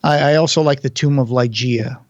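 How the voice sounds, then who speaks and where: A man's voice: mid-range voice, a little fast, a little mellow, no room sound. Chatty male podcast co-host, dry dull sound. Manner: chatty, joking, reads quotes in an announcer voice. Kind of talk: casual film commentary chat.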